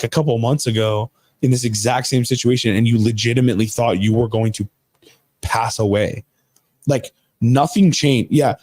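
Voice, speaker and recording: An earnest man in his thirties tells his story on a podcast at a middle pitch. He talks casually, restarts his sentences and says "dude" now and then. The sound is dry and close. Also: a little mellow, no room sound. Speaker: podcast guest, jiu-jitsu coach.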